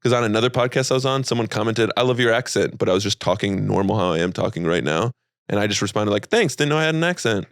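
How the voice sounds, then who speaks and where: A man talking quickly in a low, gravelly voice as a podcast co-host. He jokes and pokes fun at himself in loose, casual chat. The sound is dry and close. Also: steady tone, dry recording. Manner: fast, joking, self-mocking.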